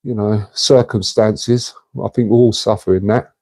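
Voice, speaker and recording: A man's voice: fairly low pitch, steady tone, moderate pace, darkish tone. A man hosting a casual livestream, chatting in a matey way and answering viewers' comments. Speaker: livestream host.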